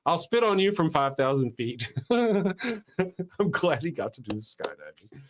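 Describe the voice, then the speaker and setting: A man with a Southern US accent hosts a casual morning chat, voice pitched a little high. He tells stories in a lively, swooping way, laughing at himself often. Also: unhurried. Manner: animated, laughing, self-deprecating storyteller. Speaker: show host.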